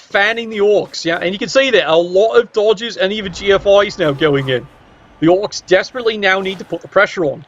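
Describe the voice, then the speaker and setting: High, cheeky male commentator. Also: lo-fi sound, slight background noise. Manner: cheeky, sardonic asides with sudden pitch jumps. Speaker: game commentator. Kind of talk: play-by-play commentary of a video game match.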